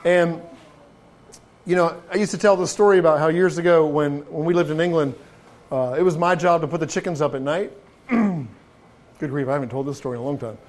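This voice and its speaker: A man with a high-pitched voice preaches a sermon from the pulpit. He talks to the congregation in a loose, conversational way, tossing them rhetorical questions. His phrases often stumble and restart before he finds the words. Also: brisk. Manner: frequent restarts and repeated words. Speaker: pastor.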